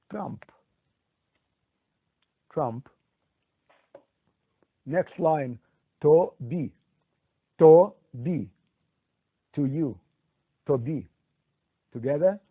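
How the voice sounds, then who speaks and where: Man, language teacher, very slow drills, tinny phone-like sound, dry. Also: fairly high pitch, no room sound. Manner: repeats words slowly, prompts learner to repeat.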